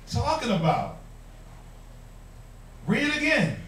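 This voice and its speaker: High-voiced emphatic preacher man. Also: lively intonation, normal speed. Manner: emphatic, rhetorical questions, mock quoting. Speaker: Bible class teacher. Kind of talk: preaching-style Bible class. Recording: echoey room, mic far off.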